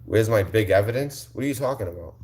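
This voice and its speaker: A man's voice: fairly low pitch, expressive, fast, a little mellow. Man ranting scornfully on a livestream. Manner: combative, mocking, repeats insults. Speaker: livestream host. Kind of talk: livestream rant answering chat.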